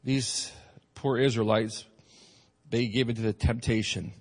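Preaching pastor in a reverberant hall. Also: male voice, medium pitch, steady tone, unhurried. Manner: preaching, swings from shouted peaks to soft asides. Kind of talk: sermon.

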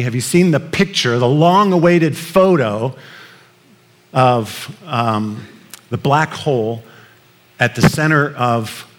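A male pastor preaches in an everyday mid-range voice, chatty and loose, full of "uh"s and restarts. His words ring out with the long reverb of a big church hall. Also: mid-range voice. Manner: conversational storytelling with frequent fillers and restarts. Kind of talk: sermon.

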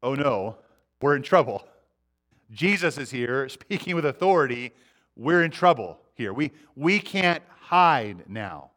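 A man's voice: a little high, lively intonation, normal speed, fairly bright tone. A man voicing a cornered demon. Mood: alarmed. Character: frightened defiant demon speaking through a possessed man.

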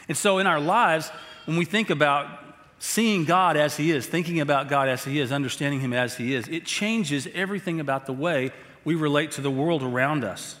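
A man preaching a sermon, telling a story and then building to slow, emphatic exhortation. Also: a little high, fairly bright tone. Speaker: pastor. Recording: long hall reverb.

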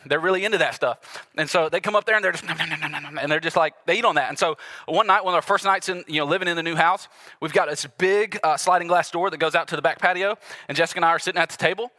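A man in his thirties preaching a sermon as a pastor, telling family stories in a relaxed, conversational way and acting out the quotes. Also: high voice.

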